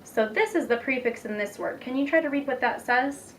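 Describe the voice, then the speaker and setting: Patient young woman teaching reading. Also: high-pitched. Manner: patient, encouraging, slow and clear. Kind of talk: demonstration lesson. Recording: distant mic with faint background noise.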